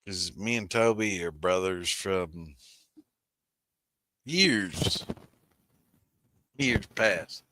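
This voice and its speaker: A man's voice: deep voice, animated, extremely slow, long pauses, pushed and bright, slight background noise. A man, hosting a livestream in rambling, profane casual chat and calling out viewers by name. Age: 60s. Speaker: host of a moonshine livestream.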